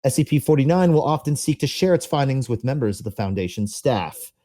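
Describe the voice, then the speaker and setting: A man's voice: medium pitch, expressive, fairly quick, dark tone. A man co-hosting a podcast, reading documents aloud and chatting about them, with laughs now and then. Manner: reads text aloud, then chats with frequent laughs. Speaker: podcast co-host. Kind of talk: casual reading and discussion.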